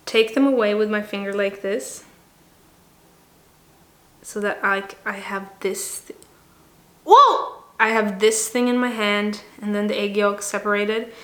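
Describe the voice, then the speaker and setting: A woman's voice: medium pitch, a bit bright. A young woman, talking casually and joking at her own expense while she bakes at home. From Sweden. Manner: rambling, playful and self-mocking. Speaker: home baking vlogger. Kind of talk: casual chat while cooking. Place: home kitchen. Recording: roomy kitchen with background noise.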